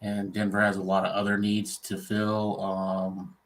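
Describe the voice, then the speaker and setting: A man's voice: lowish voice, completely flat delivery, a little slow. A man on a sports chat panel, plain-spoken and opinionated.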